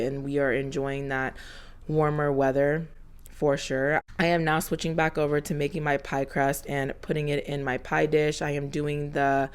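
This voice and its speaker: Woman, 30s, low-pitched vlog narrator; chatty and earnest, slightly breathless. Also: clean tone. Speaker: homemaking vlogger. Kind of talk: casual voiceover narration.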